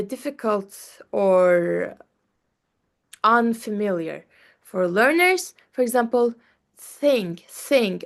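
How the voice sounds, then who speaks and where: Slow, high-voiced young woman presenting. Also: creaky. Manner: careful, with many fillers and pauses. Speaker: student presenter. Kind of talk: class presentation.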